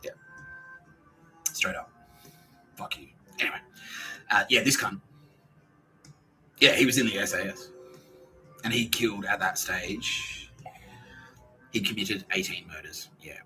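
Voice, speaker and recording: Sweary man ranting, bright edge. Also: on the low side, a little slow, pauses often, faint music behind, low-quality recording. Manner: profane, ranting, acts out quoted dialogue in brief voices. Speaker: podcast host. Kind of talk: casual podcast monologue.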